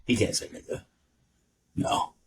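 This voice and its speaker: A young man co-hosting a podcast, chatting casually and telling stories loudly with lots of laughter. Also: a little slow, low-quality recording. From New York. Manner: loud animated storytelling, lots of laughing. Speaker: podcast co-host. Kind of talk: casual chat.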